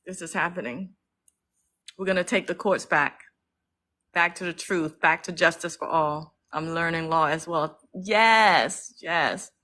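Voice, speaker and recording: In poor phone-livestream audio, an activist host speaks a little slowly, her voice on the low side and sharp in tone. She is emotional and blunt in her casual stream, swearing freely and reading out comments to thank those watching.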